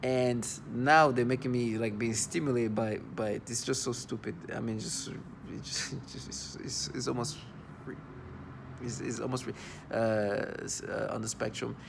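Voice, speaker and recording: Gravelly, halting man venting on camera. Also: medium pitch, fairly even intonation, background noise. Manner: halting, full of restarts and fillers; agitated and disgusted. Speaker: vlogger. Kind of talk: personal video monologue.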